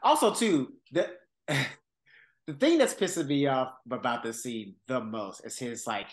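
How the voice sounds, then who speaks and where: A man's voice: medium pitch, measured pace. A man co-hosting a podcast, chatting casually and swearing a lot, with "bro" and "real talk". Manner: profane, animated, says "bro". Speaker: podcast co-host. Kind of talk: casual chat.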